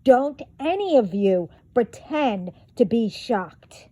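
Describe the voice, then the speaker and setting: Slow, profane, angry woman ranting. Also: a little high, sing-song, mellow, dry recording, dull audio. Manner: profane, confrontational, emphatic. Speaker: vlogger. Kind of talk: angry rant to camera.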